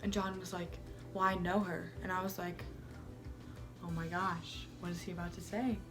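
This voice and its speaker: A woman's voice: lowish voice, level tone, moderate pace, over music, natural voice. A self-centered young Salem woman , as acted by a woman, chatters to her camera like a teen vlogger. She rambles with constant "like" and gasps of "oh my gosh". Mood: gossipy. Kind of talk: amateur vlog-style role-play.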